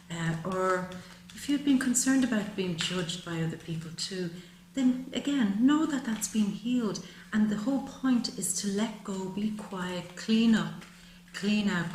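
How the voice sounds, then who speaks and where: A woman speaking at a middle pitch gives a tarot reading in a soothing, emphatic way and drops into soft whispers now and then. She calls her listener "baby" and "my love". The room is echoey, with a faint hum behind her. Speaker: tarot reader. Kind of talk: monthly tarot reading to camera. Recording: roomy with faint ambient noise.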